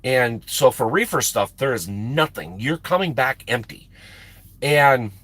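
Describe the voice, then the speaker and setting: Trucker host, forties, rambling emphatic chatter, dry close mic. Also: male voice, medium pitch, animated, unhurried, fairly bright tone, slightly rough, no room sound. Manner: rambling, emphatic, repeats words for effect. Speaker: livestream host and truck driver. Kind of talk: casual chat with stream viewers.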